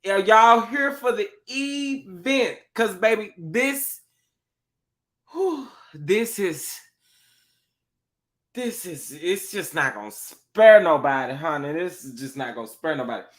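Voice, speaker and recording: A young man with a drawl, a little tipsy from a cocktail, hosting a casual live stream. He sounds bright and forceful, sitting a touch high for a man, and he talks sassily, repeating his phrases over and over. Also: lively intonation, slow, pauses often. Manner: sassy, drawling, repeats phrases, shouts out chat members. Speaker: livestream host.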